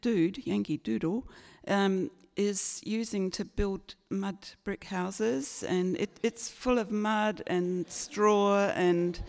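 Slow, gravelly older storyteller woman. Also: medium pitch, steady tone, darkish tone. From Australia. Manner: chatty, self-mocking, full of fillers. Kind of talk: told personal story. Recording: long hall reverb.

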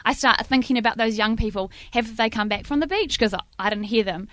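Brief: middle-aged NZ woman storyteller, lively and self-mocking, fairly high, dry close sound. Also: fairly quick, no echo. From New Zealand. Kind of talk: spoken storytelling to a live audience.

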